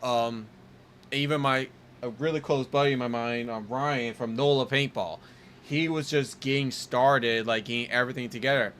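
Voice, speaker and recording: A man's voice: mid-range voice, steady tone, normal speed, fairly bright tone, a little hiss or hum. A man hosting a podcast, chatting casually in a loose, rambling way with many fillers. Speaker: podcast host.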